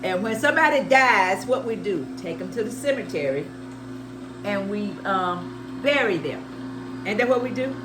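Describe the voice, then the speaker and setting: A woman's voice: medium pitch, lively intonation, a little slow, echoey room, background noise. A woman, chatting while juicing and exclaiming, repeating phrases like a preacher. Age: 70s. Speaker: health vlogger. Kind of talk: casual chat while juicing.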